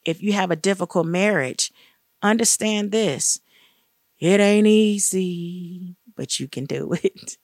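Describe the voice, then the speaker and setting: A woman's voice: slow, darkish tone, no echo, clean studio sound. A middle-aged woman sharing a faith-based personal testimony in an earnest, encouraging way. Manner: earnest and encouraging, acts out quoted dialogue with raised pitch. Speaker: guest speaker sharing testimony.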